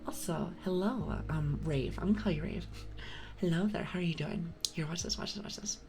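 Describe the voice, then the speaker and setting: A young woman streamer doing whispered ASMR livestream chat on a binaural mic, rambling playfully to her viewers in a soft whisper. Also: lowish voice, normal speed, soft background music, low-quality recording.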